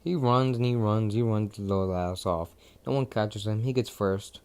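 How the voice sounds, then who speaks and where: A man's voice: fairly low pitch, normal speed, darkish tone, smooth. A young man casually retelling a fan story, rambling, profane and cutting himself off. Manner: profane, rambling, self-interrupting.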